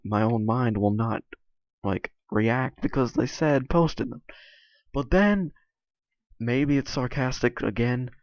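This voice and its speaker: A young male YouTuber in a casual, rambling vlog monologue sounds hesitant and tired, his voice sore, with many restarts and "like" fillers. The lowish voice is recorded lo-fi with no room sound.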